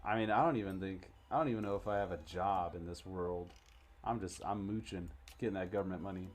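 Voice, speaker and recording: A man's voice: sits low, fairly quick. A man streaming a game live, joking casually as he reads and reacts. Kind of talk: live game playthrough commentary.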